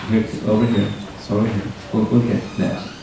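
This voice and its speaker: A man's voice: lowish voice, flat delivery, moderate pace, gravelly. Older man teaching from a distant, echoing hall. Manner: thoughtful, explanatory, stops to clarify questions. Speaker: spiritual teacher answering questions. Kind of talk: lecture with audience Q&A. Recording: roomy hall, distant mic, faint noise.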